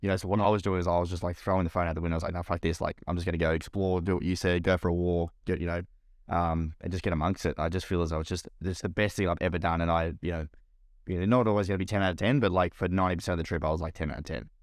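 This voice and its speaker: A man's voice: sits low, steady tone, racing, no echo, studio quality. A young Australian man co-hosting a podcast, chatting casually and rambling with lots of "like" and swearing. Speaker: podcast co-host. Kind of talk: casual chat.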